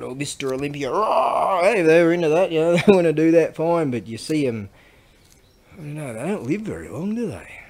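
A man's voice: medium pitch, gravelly, dark tone, breathy edge. Rambling, joking man talking to camera. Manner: rambling, crude and joking, with mumbled asides. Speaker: vlogger selling Japanese goods. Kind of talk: casual rambling monologue while working with tools.

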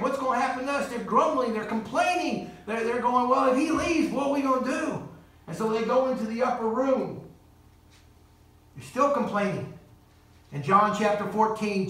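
Male preacher, high voice, heard from off the mic in a very echoey church hall. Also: fairly bright tone, distant mic. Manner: earnest preaching with quoted voices and asides. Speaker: guest preacher. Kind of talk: sermon. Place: church sanctuary.

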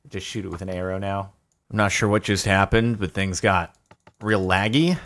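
A young man commentating his own gameplay, excitable, talking to himself and to the game, his voice jumping up when he gets frustrated. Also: sits low, normal speed. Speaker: gaming YouTuber. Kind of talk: live Minecraft gameplay commentary.

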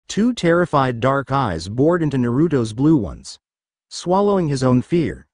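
Male narrator, scripted fan-fiction reading, dramatic delivery, lively pitch, dry close recording. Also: no room sound.

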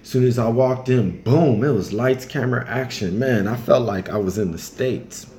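A man casually telling travel stories in a loose, colloquial way, now and then acting out other people in high voices. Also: moderate pace, dark tone. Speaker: travel storyteller. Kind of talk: casual storytelling.

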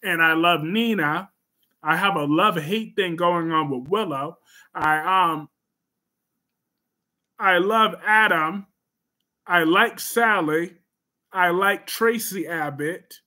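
A man hosting a casual livestream, reading viewer comments in a sassy, emphatic way with sudden loud bursts. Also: high-pitched, takes it slowly, long pauses.

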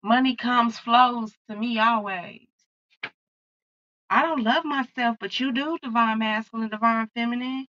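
Bright, profane tarot-reading woman. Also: on the high side, unhurried, dry recording, dull audio. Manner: blunt, profane, fired-up channeling. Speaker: tarot card reader. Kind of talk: casual tarot reading to viewers.

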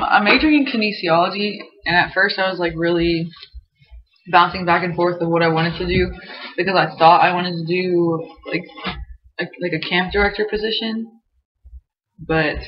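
A young woman, a college softball player chatting as a guest in a giggly, filler-heavy way. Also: lowish voice, slight background noise. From Texas, USA. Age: 20s. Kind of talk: casual chat. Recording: muffled lo-fi recording.

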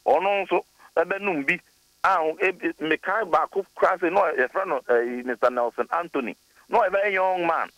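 A man's voice: on the high side, normal speed, no room sound, dull audio. A man from Ghana, a deputy education minister, telling stories earnestly as a radio interview guest. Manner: earnest storytelling, warmly praising.

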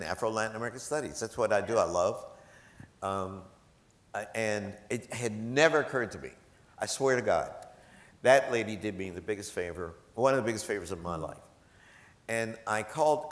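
A man speaking as a guest at a gala, telling humorous stories to a live audience in a chatty, jokey way and quoting the people in them. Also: fairly low pitch. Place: large event hall. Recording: echoey hall.

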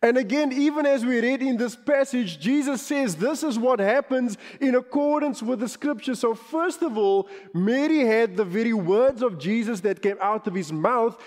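South African pastor preaching in a hall. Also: male voice, extremely high pitch, normal speed, hardly any pauses, a little mellow. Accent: South African English. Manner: emphatic preaching, rising and falling, stretching key words. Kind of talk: sermon. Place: church. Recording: church hall reverb.

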